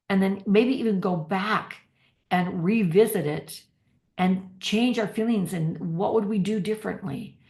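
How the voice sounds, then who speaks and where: A middle-aged woman giving a motivational workshop talk as a parenting coach, energetic and slowing down to stress key phrases. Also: mid-range voice.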